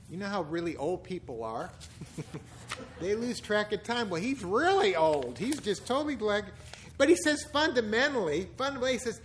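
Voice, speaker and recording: A man's voice: high voice, fairly bright tone, a little hiss or hum. A man preaching a sermon in a conversational, joking way, acting out quotes in little voices. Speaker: pastor.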